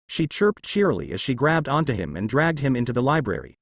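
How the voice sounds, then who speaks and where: A man reads a fan fiction story aloud at a steady storytelling pace. His pitch moves in a lively, animated way, and the recording is dry and close with no room echo. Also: a little fast, gravelly, hardly any pauses, breathy edge. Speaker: narrator.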